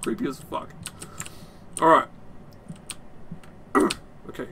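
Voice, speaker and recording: A man's voice: slow pace, a crowd in the background. A young adult man giving rambling, sweary let's-play commentary, laughing often. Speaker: game streamer.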